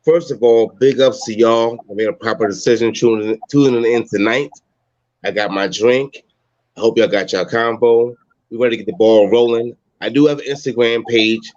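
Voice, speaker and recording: A man's voice: medium pitch, normal speed, darkish tone, dry recording. A man co-hosting a podcast, speaking in an easygoing, laid-back way. His voice is dry and close but dull and lo-fi, like a video call feed. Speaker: podcast co-host. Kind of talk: casual podcast chat.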